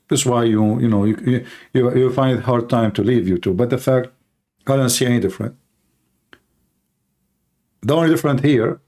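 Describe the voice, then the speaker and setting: Man, livestream host, hoarse tired voice, mid-pitched, mocking, combative, rhetorical repetition. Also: darkish tone. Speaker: livestream host debating callers. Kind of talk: heated live-stream call-in debate.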